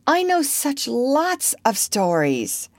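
A woman voicing an eager, excitable young girl in a storybook reading, breathless and wondering. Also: high-pitched, takes it slowly, no room sound, voice pushed up, full character voice. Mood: excited.

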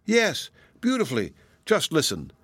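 A man voicing a sly, hungry male fox in a storybook, coaxing and wailing in a high singsong. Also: wildly swooping pitch, unhurried, slightly rough, no room sound, full character voice.

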